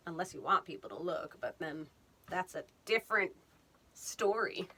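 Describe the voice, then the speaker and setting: A woman's voice: on the low side, animated, moderate pace, bright, forceful tone, breathy edge. A woman hosting a vlog. She talks casually and playfully while sketching, jokes a lot, and now and then slips into put-on accents. She is recorded on a phone. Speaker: vlog host.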